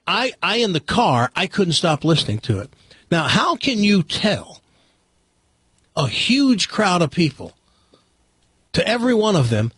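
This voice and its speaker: Southern male radio host, animated storyteller who restarts his sentences, husky and dry. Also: a little high, dry recording. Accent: Southern American. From American South. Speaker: radio talk show host. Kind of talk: casual talk radio chat.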